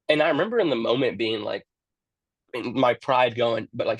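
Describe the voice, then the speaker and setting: A man's voice: mid-range voice, expressive, a little fast, dry recording. A man who works in youth ministry, telling his story in a casual interview and often repeating words as he starts a sentence.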